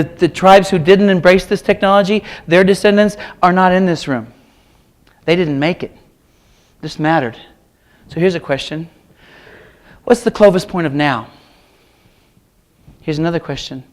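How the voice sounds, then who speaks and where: A man in his fifties delivers a humorous keynote in a high voice. He tells wry, self-mocking stories in punchy short lines, the way a teacher holds a crowd. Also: steady tone, normal speed, long pauses. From Kansas. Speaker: keynote speaker, art teacher.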